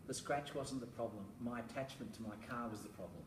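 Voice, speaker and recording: A man's voice: medium pitch, a little fast. A middle-aged man giving a public talk on parenting, telling anecdotes with chuckles and rhetorical asides. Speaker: speaker on parenting, school educator. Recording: roomy, distant, noisy room recording.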